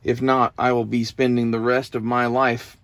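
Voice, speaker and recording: A man's voice: medium pitch, flat delivery, moderate pace, a bit bright, no echo. A young man, talking to the camera in a loose, profane, meandering monologue that turns emotional at times. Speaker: vlogger. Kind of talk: casual rambling monologue.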